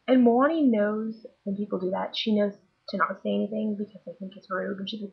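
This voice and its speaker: A woman's voice: mid-range voice, steady tone, brisk, creaky, dull audio. A woman working as a nanny, chatting wryly in a vlog about her day, worn out and tired. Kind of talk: casual vlog storytelling.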